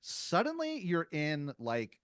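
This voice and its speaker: A man's voice: fairly high pitch, huge pitch swings, slow pace, a bit bright, clean tone, no room sound, clean studio sound. A man co-hosting a podcast, rambling through an improvised story full of "like" and "you know". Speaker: podcast co-host.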